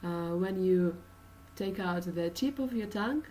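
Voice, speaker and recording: Slow Russian-accented woman teaching English. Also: fairly low pitch, expressive, dark tone, recorded from a distance, a little hiss or hum, low-quality recording. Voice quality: frequent uh and um fillers, patient explaining. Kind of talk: pronunciation lesson.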